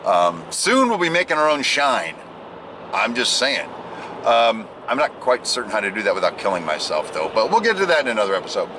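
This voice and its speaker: A man's voice: mid-range voice, sing-song, a little fast, background noise. A man talking casually to the camera while driving, rambling and joking at himself. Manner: rambling, jokey, self-deprecating. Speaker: vlogger. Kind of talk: casual driving vlog monologue.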